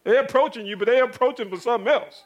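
A male preacher delivering a sermon, firing rhetorical questions at the congregation, chuckling and swinging between loud and hushed. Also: extremely high pitch, rapid-fire.

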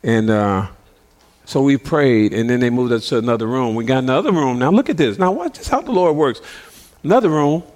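Animated man telling a story in a sermon. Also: mid-range voice, fairly quick. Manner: animated storyteller acting out voices, laughing.

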